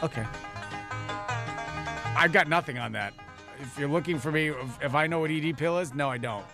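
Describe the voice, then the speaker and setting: A man's voice: a little high, normal speed, music in the background. A man co-hosting a radio morning show, teasing and playful in joking banter from the studio. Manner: playful, teasing, mock-innocent.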